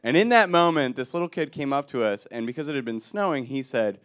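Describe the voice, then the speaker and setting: A young man from Milwaukee doing a stand-up comedy set on a club stage, deadpan and self-mocking, punching up the jokes. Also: medium pitch, brisk, few pauses, smooth.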